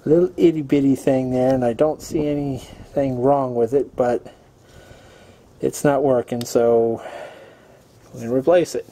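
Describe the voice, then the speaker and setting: A man's voice: mid-range voice, fairly even intonation, unhurried, long pauses, dark tone. A man hosting a homestead channel, talking viewers through a car repair in his garage in a chatty, self-mocking way while he works. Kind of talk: casual DIY repair tutorial. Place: home garage beside a car.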